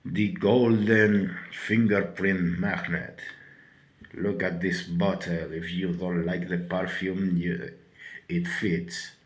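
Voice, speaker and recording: A man with a cold reviewing a fragrance in a casual, halting way, swearing often and filling pauses with "uh". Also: low voice, little pitch movement, roomy sound. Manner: halting, full of filler words and swearing. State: sick with a cold.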